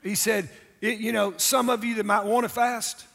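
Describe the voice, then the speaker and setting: High-voiced emphatic male preacher. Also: steady tone, moderate pace, vocal fry, a bit bright. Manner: emphatic, calls for audience response. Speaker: pastor. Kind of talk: sermon. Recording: long hall reverb.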